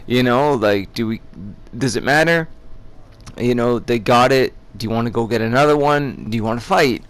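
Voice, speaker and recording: A man's voice: medium pitch, moderate pace, fairly bright tone, smooth. A young man hosting a gaming channel, talking casually over his gameplay in a chatty, rambling way.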